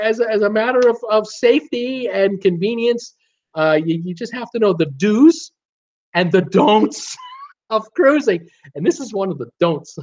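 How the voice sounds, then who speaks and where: A man's voice: sits high, lo-fi sound. A man hosting a live stream, chatting casually, reading viewer comments aloud, joking and often breaking into laughter. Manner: laughs heavily, jokey, rambling with many restarts. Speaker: host of a live cruise Q&A stream.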